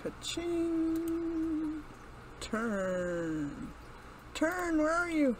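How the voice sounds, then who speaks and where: Slow-talking woman playing a computer game. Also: medium pitch, sing-song, background noise. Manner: reads game commands aloud, laughs and exclaims. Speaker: gaming channel host. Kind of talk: casual let's-play commentary.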